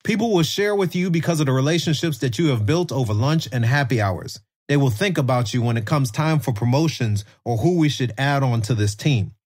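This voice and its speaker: A man hosting a podcast, speaking in a measured, deliberate way. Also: mid-range voice, a little mellow. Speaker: podcast host. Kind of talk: prepared interview speech.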